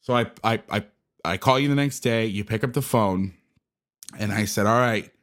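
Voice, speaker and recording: A man with a fairly low voice tells a casual story in an animated way. He coaches football and acts out the back-and-forth of old conversations as he goes. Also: moderate pace. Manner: animated anecdote telling, acting out conversations.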